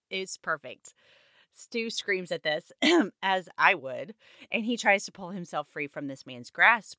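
A podcast host casually recaps a novel chapter, mixing passages read straight from the page with chatty personal asides. Her voice is low-pitched yet sharp and bright. The sound is dry and close, with no echo or room sound.

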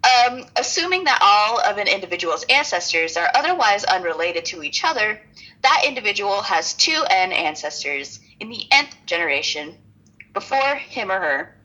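Woman cohosting a podcast, kinda husky, laughs a lot, jokes about her own notes. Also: medium pitch, sharp tone, poor audio. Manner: laughs often, self-deprecating asides. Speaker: podcast co-host. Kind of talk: casual chat, reading notes aloud.

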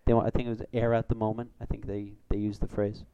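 A man hosting a casual sports podcast, rambling through stats and getting excited over big plays. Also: on the low side, fast talker, smooth, no room sound, muffled recording. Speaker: podcast host.

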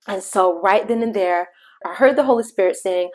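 Woman podcast host, middle-aged, mid pitch, conversational devotional storyteller who talks straight to her listeners. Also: darkish tone. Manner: shifts pace between slow emphasis and quick asides.

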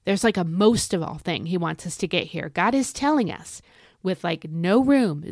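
A woman teaches Scripture in a chatty, folksy way, circling back to repeat key phrases. Her voice sits a bit low and has a gravelly fry. It is a dry home recording with no room echo. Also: lively intonation, a little slow. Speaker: podcast host and Bible teacher. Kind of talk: casual devotional teaching.

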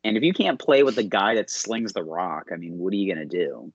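A husky, low-pitched man chatting loosely as a podcast co-host, quick to laugh and to mimic others. The sound is dry and a little dull, like a lo-fi recording. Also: animated, no echo. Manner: laughs often, does playful impressions. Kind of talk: casual podcast chat.

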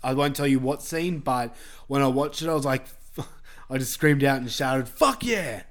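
A man's voice: mid-range voice, fairly even intonation, moderate pace. A man hosting a podcast in an easy, casual way. He talks loosely, trips over restarts and fillers, and swears freely. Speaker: podcast host.

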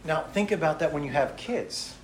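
Animated high-voiced male preacher. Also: normal speed, reverberant. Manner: animated, acts out quotes. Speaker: missionary preacher. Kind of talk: sermon with stories.

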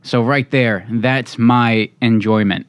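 A man's voice: mid-range voice, steady tone, slow, smooth, no room sound. A man co-hosting a podcast in casual chat, making dry, wry asides. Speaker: podcast co-host.

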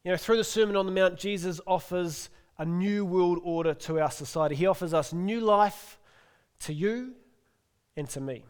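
A middle-aged male pastor preaching a sermon in an earnest, gently inviting way, then closing in prayer. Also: high voice, normal speed, clear, resonant tone.

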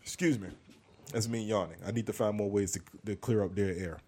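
A man's voice: on the low side, a little fast, warm tone, a little hiss or hum. A man hosting his podcast, rambling through a joking catch-up and acting out other people's voices. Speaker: podcast host and comedian. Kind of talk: casual monologue.

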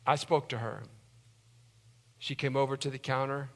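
A man pastor preaching a sermon in a church sanctuary, impassioned, swinging from loud urgency to hushed pleading. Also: mid-range voice, steady tone, moderate pace. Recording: long hall reverb.

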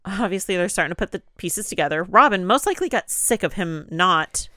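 A woman's voice: on the low side, expressive, brisk, bright, forceful tone, no room sound, clean studio sound. A woman co-hosting a casual true-crime podcast, retelling a case in a heated, indignant way. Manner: heated, retelling with quoted voices. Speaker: podcast co-host.

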